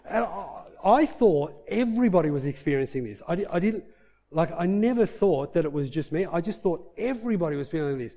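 Middle-aged man with a warm, fairly high voice, telling his conversion story earnestly and filling it with "like". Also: expressive, quick pace. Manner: earnest and emotional, with frequent "like" and "you know" and reenacted quotes. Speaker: speaker sharing a personal faith testimony. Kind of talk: personal testimony storytelling.

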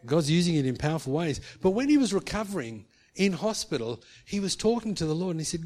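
A man's voice: a little high, big pitch swings, fast talker, few pauses, a little mellow. A man preaching a sermon, earnest, acting out quoted speech and rising to emphatic peaks. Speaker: pastor.

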